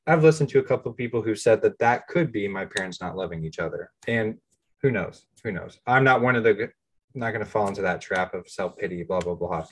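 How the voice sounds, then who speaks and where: A man's voice: on the low side, lively intonation, fast talker. An American man in his thirties, co-hosting a podcast and telling his own story in a candid, self-deprecating, plain-spoken way. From United States. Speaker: podcast co-host. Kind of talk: casual personal storytelling.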